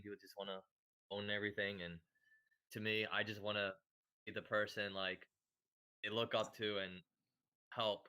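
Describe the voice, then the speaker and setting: A fairly low-voiced man speaks in an easygoing, earnest way as a podcast guest. He repeats himself for emphasis and leans on "like" and "you know" as he talks about playing for fun. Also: bright, forceful tone, clean tone. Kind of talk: casual chat about an online game.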